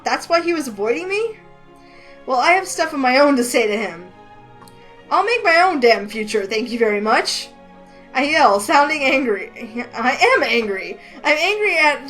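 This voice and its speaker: A woman reading a romance game aloud in a lively, excitable way, with faint music behind her. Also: high-pitched, low-quality recording. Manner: lively, excitable, voices the heroine with outbursts. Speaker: gaming channel host reading a visual novel.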